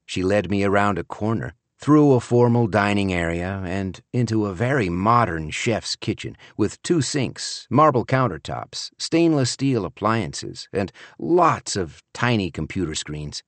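A man narrating an audiobook in the first person, with an expressive, wry storytelling manner. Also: fairly low pitch, measured pace, hardly any pauses, no echo.

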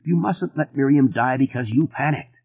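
A man's voice: mid-range voice, moderate pace, husky, no room sound, pitched above the performer's own voice. A man voicing a panicked writer who speaks in an urgent, pleading way. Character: panicked middle-aged male writer, urgent. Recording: narrow phone-like band.

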